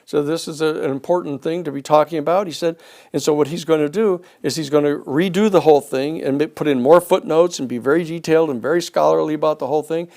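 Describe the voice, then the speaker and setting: A man giving a storytelling lecture, an animated speaker who acts out the people he quotes. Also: a little high, quick pace.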